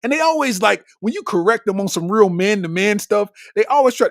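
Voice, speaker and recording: High, lively-voiced male comedian. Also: a little fast, hardly any pauses, dry recording, clean studio sound. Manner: animated, slangy, laughs at his own jokes. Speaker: comedian podcast host. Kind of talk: comedic monologue.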